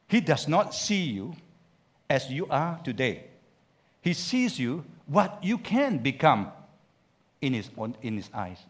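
A male pastor preaching a sermon, swinging from loud urging to quiet asides and acting out biblical speech. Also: medium pitch. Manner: animated preaching with big swings in loudness, urging the congregation to repeat lines; acts out biblical characters' speech in quotes.

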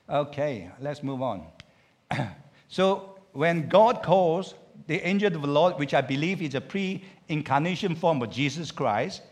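A male pastor preaching a sermon, swinging from loud urging to quiet asides and acting out biblical speech. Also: a little high. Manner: animated preaching with big swings in loudness, urging the congregation to repeat lines; acts out biblical characters' speech in quotes.

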